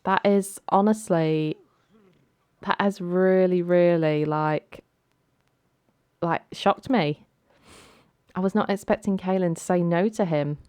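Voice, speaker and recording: A woman's voice: on the low side, darkish tone, clear, resonant tone, no room sound. A woman hosting a let's play, narrating the game's drama in a chatty, dramatic storytelling way. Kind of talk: casual gameplay commentary.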